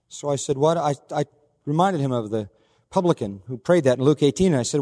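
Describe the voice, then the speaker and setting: A man delivering a sermon from a pulpit, his earnest voice sitting a little higher than most men's. Long reverb from a large church hall trails after his words as he tells a story. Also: brisk. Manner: earnest storytelling preacher, quoting others in a softer voice. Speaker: pastor.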